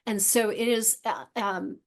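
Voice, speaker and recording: A woman teaching other teachers online, speaking casually and often restarting her sentences. She stops to sound out vowels and words as examples. Her voice is of ordinary pitch for a woman and comes through a computer microphone. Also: fairly even intonation, measured pace. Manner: conversational, frequent restarts, sounds out vowels to demonstrate. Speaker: literacy instructor leading teacher training. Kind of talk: online training lecture.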